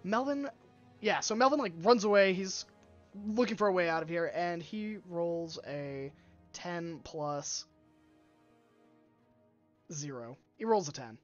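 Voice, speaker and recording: Higher-voiced male player on a dull mic. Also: lively intonation, takes it slowly, long pauses, faint music behind. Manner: thinks aloud, second-guesses himself mid-sentence. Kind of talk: playing a tabletop game over a live stream.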